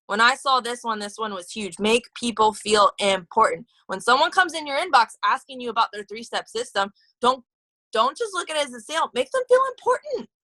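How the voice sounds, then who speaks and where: A woman's voice: on the high side, animated, brisk, bright, forceful tone, dry recording, poor audio. A woman leading a motivational team call, chatty and gushing, with lots of fillers and restarts. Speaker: team leader.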